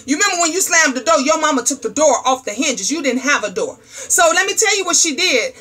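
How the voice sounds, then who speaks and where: A middle-aged woman hosting a livestream talk show, ranting in a loud, profane, sassy storytelling way. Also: sits high, animated, a little fast. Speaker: host.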